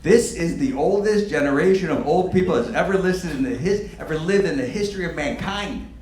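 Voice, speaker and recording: A man delivering a stand-up set in a brash, profane manner, his pitch swinging widely as he talks. His voice rings through an echoey room over loud background noise. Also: a little fast. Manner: brash and profane, with animated bursts. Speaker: stand-up comedian. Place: comedy stage before a live audience.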